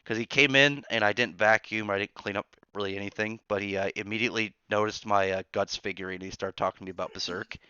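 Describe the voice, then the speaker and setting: A man hosting a casual live stream from his barracks room, rambling through chat with quick asides and restarts. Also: on the low side, fairly even intonation, sharp tone, smooth, no echo. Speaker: streamer host reading chat. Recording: dull lo-fi sound.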